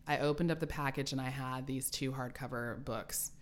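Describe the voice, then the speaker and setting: Low-pitched woman in her forties, chatty author guest who laughs often. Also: moderate pace. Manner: animated storyteller, laughs often. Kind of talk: casual interview chat.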